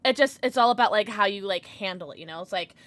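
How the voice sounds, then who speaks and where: A woman's voice: medium pitch, quick pace, fairly bright tone, no room sound. A woman in her thirties chatting casually with her stream viewers, affectionate and full of fillers.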